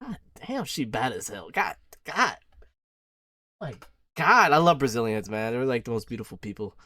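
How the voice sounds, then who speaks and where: A man's voice: mid-range voice, big pitch swings, normal speed, pushed and bright, dry recording. A man doing casual reaction commentary, brash and crude, joking freely. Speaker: reaction streamer.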